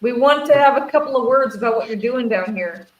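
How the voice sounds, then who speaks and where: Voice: medium pitch, a little fast, highs cut off. A player speaking casually in character during a tabletop game. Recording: roomy, distant, faint hiss.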